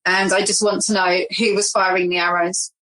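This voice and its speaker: A woman's voice: mid-range voice, flat delivery, fairly quick, fairly bright tone, low-quality recording. A woman playing in an improvised tabletop game, casual and playful, hesitating with frequent ums. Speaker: player.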